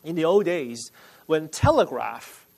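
A male pastor preaching a sermon in a somewhat high voice. He speaks emphatically and deliberately, and he repeats phrases for weight. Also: very animated, vocal fry, darkish tone, rough recording.

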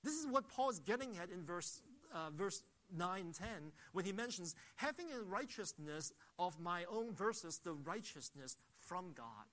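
A man's voice: high voice, sing-song, a little slow, few pauses, fairly bright tone. A man preaching a sermon, emphatic, asking rhetorical questions and repeating phrases as he builds his points. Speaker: pastor.

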